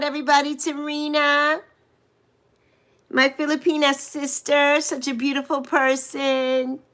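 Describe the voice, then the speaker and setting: A woman's voice: high-pitched, sharp tone. A woman in her sixties hosting a livestream, effusively greeting viewers by name and thanking them. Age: 60s. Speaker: livestream host. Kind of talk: casual livestream greetings to chat.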